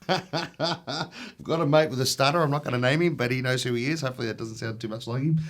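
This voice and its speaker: A man's voice: mid-range voice, fast, fairly bright tone. A man giving a casual demo of music gear, dropping dry jokes as he talks. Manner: dry, joking asides. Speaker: gear demonstrator.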